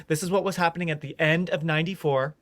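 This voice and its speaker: A man's voice: fairly high pitch, steady tone, fast talker, fairly bright tone. A man hosting a podcast, chatting enthusiastically about a film, using lots of fillers. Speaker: podcast host. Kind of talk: casual movie chat.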